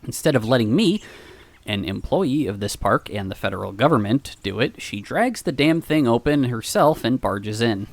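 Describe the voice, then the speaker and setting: A man streamer reading a visual novel aloud with wry, animated storytelling. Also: mid-range voice, normal speed, gravelly.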